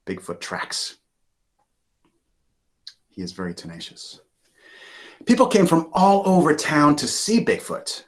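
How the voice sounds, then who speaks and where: A man from Maine, a children's author, reading his picture book aloud over a video call in a chatty way. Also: on the low side. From Maine, USA. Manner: animated, chatty with many fillers.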